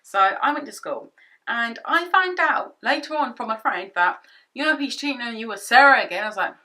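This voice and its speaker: Bright young woman telling a storytime. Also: a little high, normal speed. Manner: chatty, animated retelling with quoted asides. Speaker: vlogger. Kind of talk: storytime vlog. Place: home office. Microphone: camera-mounted shotgun mic.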